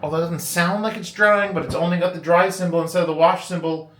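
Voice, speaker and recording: A man's voice: high voice, fairly even intonation, fast talker, a bit bright, a little hiss or hum. Profane, rambling man vlogging casually. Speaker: vlogger host. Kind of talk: casual vlog chat. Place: hotel room.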